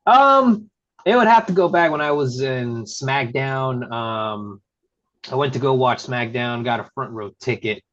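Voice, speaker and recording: A man from Texas, a wrestling referee and podcast guest, telling stories in a casual interview and acting out quotes in a high voice. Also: unhurried. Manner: excitable storyteller who acts out quotes in a high voice. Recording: slightly muffled lo-fi audio.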